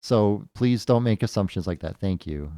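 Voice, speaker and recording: Earnest young village guy, lowish voice, dry sound, a gamer reading along. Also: animated, normal speed, dark tone, no room sound. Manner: reads game dialogue aloud, mock-earnest.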